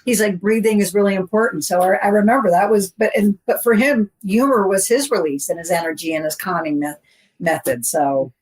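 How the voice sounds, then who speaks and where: A woman co-hosting a podcast, telling a story in a rambling, animated way and acting out the dialogue. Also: mid-range voice, a little fast, poor audio. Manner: rambling, animated, acts out quoted dialogue, many fillers. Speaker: podcast co-host. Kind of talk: casual storytelling.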